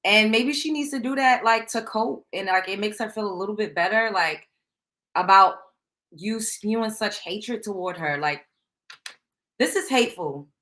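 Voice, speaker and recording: A woman's voice: mid-range voice, moderate pace, a bit bright. A woman hosting a show, reacting to a clip with indignant, emphatic commentary. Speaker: show host.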